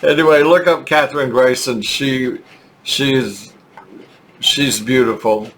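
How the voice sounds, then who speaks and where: An older Texan man with a Texas accent tells a rambling, halting story punctuated by chuckles in a casual vlog. His voice is medium-pitched, and there's background noise in the recording.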